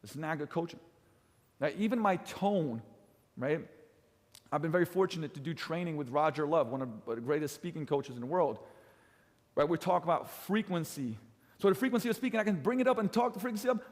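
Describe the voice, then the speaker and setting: Energetic man coaching in a hall. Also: normal speed. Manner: emphatic, swings pitch and loudness for effect, keeps asking "right?". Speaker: fitness coach teaching trainers. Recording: large hall with long reverb.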